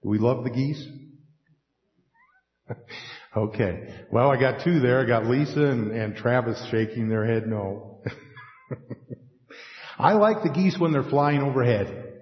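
Animated preacher in an echoey hall. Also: male voice, medium pitch, slow pace, long pauses. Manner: animated, acts out scripture dialogue, folksy asides. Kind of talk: sermon. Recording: echoey hall, dull lo-fi sound.

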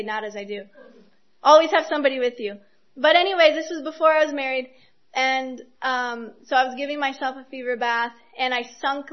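Woman preacher, high voice, earnest and personal, dull lo-fi recording. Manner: earnest, personal, with soft laughs. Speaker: speaker giving a devotional talk. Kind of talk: sermon.

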